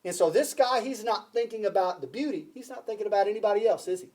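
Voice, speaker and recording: A man's voice: high voice, fast, darkish tone. A man preaching a sermon to a congregation, emphatic, repeating key phrases and asking the listeners questions. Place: church before a congregation.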